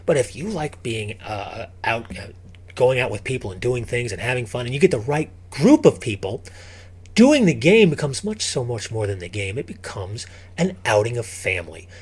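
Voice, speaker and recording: A man with a husky, slightly rough voice talks as a podcast guest. His pitch rises and falls in lively swings as he talks in an emphatic, animated way, often restarting sentences. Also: normal speed. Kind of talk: casual podcast chat.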